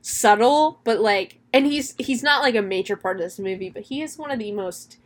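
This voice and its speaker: A woman's voice: a little high, moderate pace. A woman hosting a casual podcast chat, retelling a horror film's plot with swearing and laughter. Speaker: podcast host reviewing a horror film.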